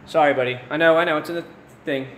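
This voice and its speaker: A man in his thirties hosts a late-night livestream, rambling casually and chatting with viewers by name. His voice is fairly high, a bit bright, and steady in tone, and he talks fast. The recording has a roomy echo with faint room noise.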